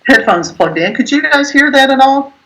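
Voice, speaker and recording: Woman organizer with a bright tone, practical and apologetic, on a video call. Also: high voice, lively intonation, normal speed, rough recording. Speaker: party organizer.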